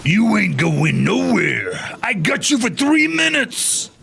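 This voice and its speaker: A man voicing a swaggering pro wrestler in a drawn-out, growling promo style. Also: sits high, sing-song, gravelly, bright, forceful tone, a little hiss or hum, pitched above the performer's own voice, full character voice. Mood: menacing. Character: swaggering gravel-voiced male pro wrestler.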